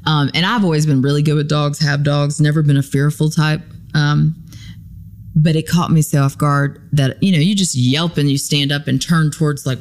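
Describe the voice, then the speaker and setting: A woman guest on a podcast, telling a story casually, acting out the lines of people in it, with many ums and likes. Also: sits low. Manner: animated retelling, acts out quoted lines.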